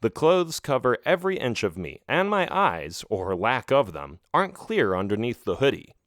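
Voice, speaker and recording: A man's voice: mid-range voice, big pitch swings, moderate pace, fairly bright tone, no room sound. A man narrating a children's audiobook in the first person, reading expressively into a close mic.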